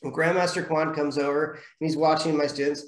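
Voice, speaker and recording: A man's voice: on the high side, brisk. Man storytelling martial arts instructor, echoey room. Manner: animated storyteller, acts out quotes. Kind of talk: casual podcast conversation.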